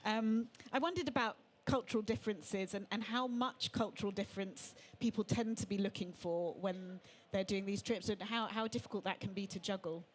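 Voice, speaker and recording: A woman interviewing an author on stage, asking measured, thoughtful questions. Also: medium pitch. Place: stage at a travel show.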